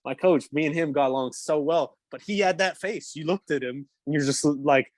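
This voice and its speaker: Speaking at normal speed in a slightly high voice, this young Englishman, once a professional hockey player, rambles through an anecdote as a podcast guest. "Like" keeps cropping up, and he breaks into laughter mid-story; there's no room sound.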